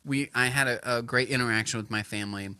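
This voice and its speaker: A man with a mid-range voice talks fast as a comedy podcast co-host, telling rambling stories in casual chat packed with fillers. He's an animated storyteller, and the recording is clean-toned and dry.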